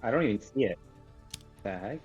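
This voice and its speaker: A man's voice: on the low side, animated, brisk, a little mellow, faint music behind. A man co-casting a game stream over a voice call, chatting in an easygoing way. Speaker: esports co-caster. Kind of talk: casual stream chat. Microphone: remote voice call. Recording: dull lo-fi call audio.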